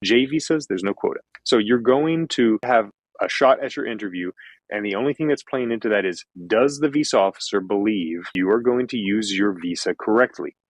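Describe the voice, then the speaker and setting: A man from Kentucky with a General American accent, a former visa officer calmly explaining in an interview and repeating his key points. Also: lowish voice, brisk, dry recording, low-quality recording. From Kentucky, USA. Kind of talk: interview answers.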